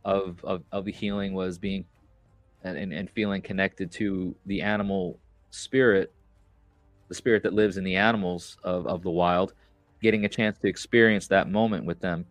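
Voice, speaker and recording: A man's voice: sits low, fairly even intonation, normal speed, dry recording, faint music behind. A man hosting a podcast, telling a story in casual chat, with many fillers and restarts. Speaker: podcast host. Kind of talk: casual conversation.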